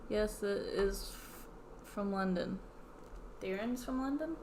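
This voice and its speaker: A woman's voice: medium pitch, slow, darkish tone, slight background noise. A woman co-hosting a casual livestream, chatty and teasing, asking lots of questions. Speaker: livestream co-host.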